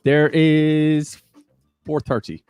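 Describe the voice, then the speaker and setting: A man's voice: a little high, fairly even intonation, extremely slow, a little mellow, clear, resonant tone, faint music behind. A man with a Cork Irish accent co-hosting a livestreamed quiz, bantering and teasing his partner in casual chat. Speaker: quiz co-host.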